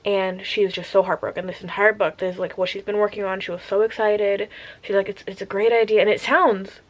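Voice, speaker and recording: A woman's voice: mid-range voice, little pitch movement, brisk. A young woman chatting casually about a book she is reading, gushing and rambling, sometimes dropping to a whisper. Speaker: reading vlogger.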